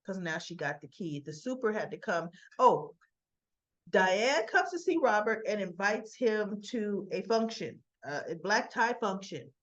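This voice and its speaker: A woman chattily retelling a soap opera episode, animated, with frequent asides. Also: medium pitch, measured pace, lo-fi sound. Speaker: soap opera recap vlogger. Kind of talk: casual recap of a TV episode.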